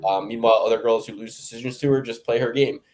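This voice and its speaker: A man's voice: mid-range voice, fairly even intonation, darkish tone, poor audio. A man co-hosting a casual fight-prediction podcast, joking and crude as he riffs. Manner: joking, crude, fast riffing. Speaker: podcast co-host.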